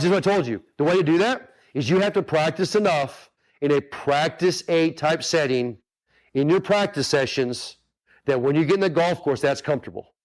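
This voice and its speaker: Casting: earnest male golf coach, fairly high-pitched, chatty and repetitive, addresses the audience directly. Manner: earnest, repetitive, talks straight to the audience with many asides. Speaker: golf instructor hosting a webinar. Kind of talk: casual coaching talk.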